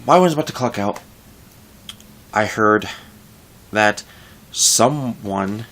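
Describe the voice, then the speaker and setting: A man's voice: on the low side, slow, fairly bright tone, a little hiss or hum. A young man talking casually in a vlog, venting frustration about his workplace in a rambling way with frequent restarts. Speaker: vlogger.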